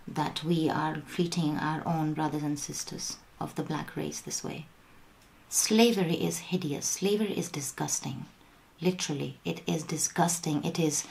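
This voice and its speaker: A young woman speaking straight to camera in an impassioned, pleading appeal, her voice shaking, sometimes dropping to a hushed whisper. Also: deep voice, vocal fry. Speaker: vlogger.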